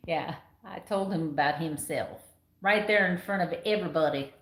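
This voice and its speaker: A woman in her fifties chatting casually on a live stream, animated and sarcastic, laughing often. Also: low-pitched, a little slow, echoey room. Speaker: vlogger.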